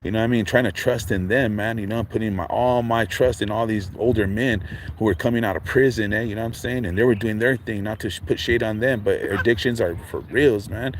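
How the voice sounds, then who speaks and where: This middle-aged livestream host has a fairly low, brisk voice. His casual talk is loaded with street slang and a steady stream of "man" and "dog." There's a faint hum of background noise.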